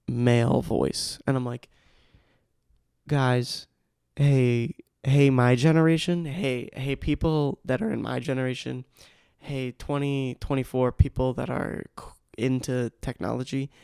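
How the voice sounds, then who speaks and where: A man's voice: mid-range voice, gravelly, darkish tone, clear, resonant tone, no echo, studio quality. A young man hosting a casual solo podcast, rambling through tangents and poking fun at himself. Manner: rambling and self-mocking, with tangents. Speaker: podcast host. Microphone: studio microphone.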